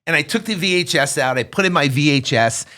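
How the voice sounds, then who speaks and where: A man's voice: on the high side, fast talker. A man in his fifties, a podcast guest, telling a story in casual chat and acting out the voices of the people in it. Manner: animated, acts out voices in his stories.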